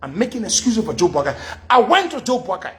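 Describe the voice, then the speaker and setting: Animated high-voiced man. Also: quick pace. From Liberia. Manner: animated, acts out quoted dialogue in shifting voices. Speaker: radio talk show host. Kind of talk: storytelling monologue.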